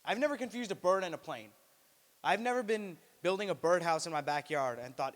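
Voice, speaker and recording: A young man performing a stand-up comedy set at an open mic, deadpan, breaking into loud high put-on voices. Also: brisk. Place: small student venue. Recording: live room with long reverb.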